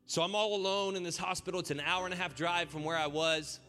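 Bright-voiced young male pastor preaching. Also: high voice, fast, few pauses, long reverb tail, soft background music. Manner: animated storytelling, rising to a preaching cry. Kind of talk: sermon testimony.

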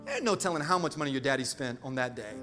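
A middle-aged male pastor preaching a sermon with call-and-response asides and sudden swings from quiet to loud. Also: medium pitch, sing-song, very fast. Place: large church hall. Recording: reverberant church hall with music.

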